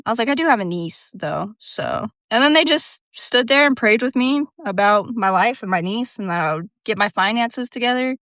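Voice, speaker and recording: A woman's voice: fairly high pitch, expressive, moderate pace, hardly any pauses, a bit bright, no echo, studio quality. A young woman telling a casual storytime rant about work, sarcastic, swearing and laughing often. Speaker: vlogger.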